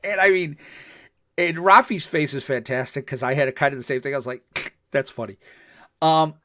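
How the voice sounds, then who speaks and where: A man's voice: a little high, moderate pace. Older man recapping a show animatedly. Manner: animated storytelling, acts out quotes. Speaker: podcast host. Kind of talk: casual podcast chat.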